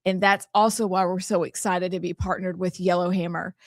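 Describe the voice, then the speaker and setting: A woman's voice: lowish voice, flat delivery, brisk, no echo. A woman, co-hosting a talk show and laying out the schedule in an upbeat way. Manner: upbeat, explains the show's schedule. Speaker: co-host. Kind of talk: casual talk-show chat.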